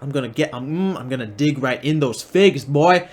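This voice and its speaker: A man's voice: mid-range voice, fairly quick, a little hiss or hum, close to an everyday voice. A man voicing a hungry, crude and foul-mouthed Jesus who drags out his words with greedy mumbling.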